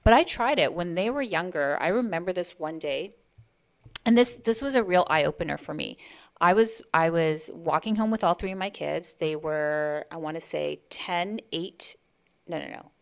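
A woman in her forties, a podcast co-host, chatting casually and telling stories with lively acted-out quotes. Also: fairly low pitch, moderate pace, creaky. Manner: animated storyteller, acts out quoted voices. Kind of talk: casual chat.

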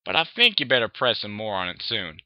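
A man's voice: fairly low pitch, very animated, brisk, dry recording. A man reading aloud, voicing a plainspoken, folksy farm pony mare, recorded dry and dull. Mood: assuring. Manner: folksy, assuring.

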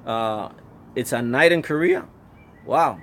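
A man's voice: mid-range voice, animated, takes it slowly, a bit bright, a little hiss or hum. A middle-aged man hosting a casual live stream from his phone, rambling and reading out viewer comments. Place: Florida.

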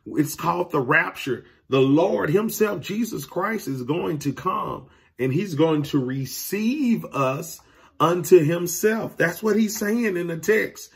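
A man's voice: a little high, animated, slow, vocal fry, slightly rough. A man teaching a Sunday school lesson to young people, earnest and preacherly, speaking to them directly. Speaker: youth minister. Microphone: recorded alone beside a window.

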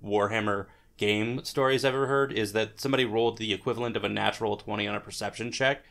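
A man's voice: fairly low pitch, steady tone, fast talker, a bit bright. A man co-hosting a casual book podcast, talking in a loose, rambling way with lots of filler words. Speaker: podcast co-host.

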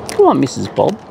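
A man's voice: medium pitch, gravelly. A man talking playfully to wild cockatoos outdoors, in a teasing baby-talk way. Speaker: bird feeder vlogger. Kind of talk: casual chat to wild birds. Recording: noisy outdoor recording. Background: birds and outdoor noise.

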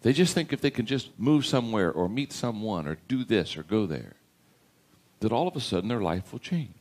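A man's voice: on the low side, very animated, brisk, darkish tone. A man telling a story as a sermon in a conversational way, with stammered restarts. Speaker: speaker.

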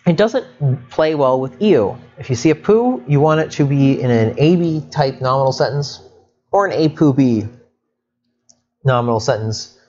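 A man's voice: medium pitch, normal speed. Chatty male Egyptology lecturer, slightly muffled. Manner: lively, chatty teaching with asides and self-corrections. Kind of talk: explanatory lecture.

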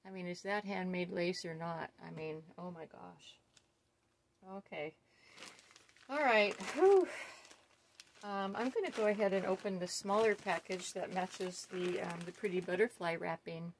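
A woman's voice: on the low side, fairly even intonation, moderate pace, slight background noise. A middle-aged woman chatting casually as she unboxes gifts, gushing and awestruck, with many ums. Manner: gushing, awestruck, full of fillers. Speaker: doll collector vlogger.

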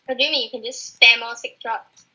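A high, very bright voice of a woman gamer, talking casually through a match. She grumbles about teammates and slips into playful, mock-formal phrasing. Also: fairly even intonation, brisk, poor audio. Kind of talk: casual gaming chat.

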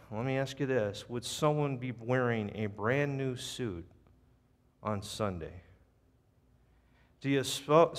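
American pastor preaching in an echoing church. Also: male voice, mid-range voice. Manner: storytelling, animated. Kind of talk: sermon. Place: church sanctuary. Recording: long church reverb.

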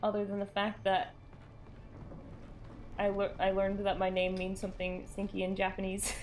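A woman's voice: mid-range voice, normal speed, pauses often, faint music behind. A woman streaming a game live, chatting with her viewers and reacting in sudden bursts and laughter at a desk microphone. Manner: animated, jumpy reactions, bursts of shrieks and laughter.

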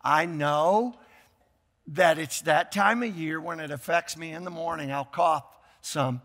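An older man preaching a sermon as pastor, emphatic, repeating key phrases and breaking into shouts. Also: a little high, a little slow, long reverb tail. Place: church sanctuary.

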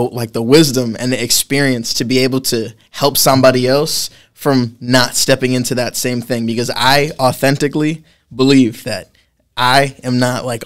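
A man's voice: medium pitch, clean tone. A man in his twenties from Massachusetts, a podcast guest talking in a rambling, casual way, full of restarts. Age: 20s. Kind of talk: casual chat.

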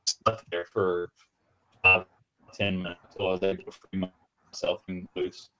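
Low-voiced man telling a rambling story. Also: monotone, sharp tone, poor audio. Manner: rambling, halting anecdote with many restarts. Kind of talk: livestream storytelling. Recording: video call audio, feed breaking up.

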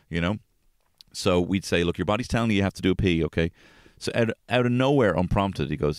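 A man hosting a podcast, telling casual stories about his family, swearing freely and jumping into high-pitched voices when quoting people. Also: fairly quick, dry recording, clean studio sound. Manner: swears freely, animated, acts out quotes in a high voice. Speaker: podcast host. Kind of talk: casual storytelling chat.

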